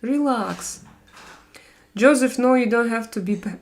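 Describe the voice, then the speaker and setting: A woman's voice: on the high side, unhurried. A woman in her forties with a Russian accent, hosting a casual live stream and chatting with viewers, speaking non-native English with many fillers and restarts. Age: 40s.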